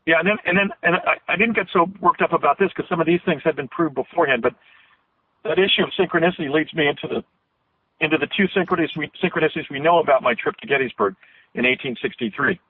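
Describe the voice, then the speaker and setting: A man's voice: a little high, quick pace, slightly rough. Earnest man on a tinny phone line. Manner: earnest, long detailed storytelling; emotional, voice catching. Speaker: radio show guest. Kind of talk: phone-in radio interview.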